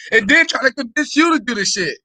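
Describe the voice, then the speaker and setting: A man talking casually in a conversation, animated and repetitive with street slang. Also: very high voice, fast talker, no room sound.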